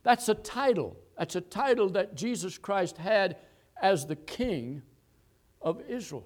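A man preaching a sermon, quoting scripture and repeating phrases, swinging between loud, high exhortation and low, quiet telling. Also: animated, takes it slowly. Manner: reads and quotes scripture verses.

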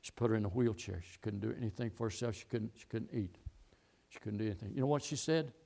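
A man's voice: fairly low pitch, fast talker, vocal fry, dark tone. A middle-aged man preaching a sermon, telling a long story and repeating key phrases as he goes. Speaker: pastor.

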